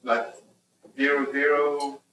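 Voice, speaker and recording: A man in the audience, talking slowly and haltingly. He sits well away from the microphone in a roomy, echoing space, with loud noise around him. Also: a little high, completely flat delivery, far from the mic, dull audio. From Ireland. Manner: hesitant, halting explanations. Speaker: audience member.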